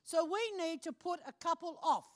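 High-voiced woman telling a lively testimony. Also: normal speed. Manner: animated storytelling, acting out phone calls, laughing often. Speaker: preacher. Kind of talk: testimony from the pulpit.

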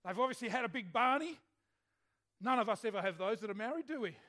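A male preacher with a notably high voice gives a relaxed, conversational sermon. He keeps turning questions back to his congregation as he tells a story. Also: quick pace. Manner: chatty, asks the congregation questions. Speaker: pastor.

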